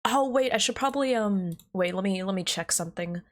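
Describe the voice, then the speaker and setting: A woman's voice: mid-range voice, fairly quick. A woman, streaming live and chatting casually with her viewers, bubbly and giggly. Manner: bubbly, giggly, greets chat warmly.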